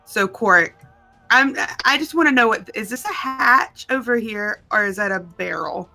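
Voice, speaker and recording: Woman player at a game table, high, gravelly, bright, faint music. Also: animated, normal speed. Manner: hesitant, many restarts. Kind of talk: casual game table chat.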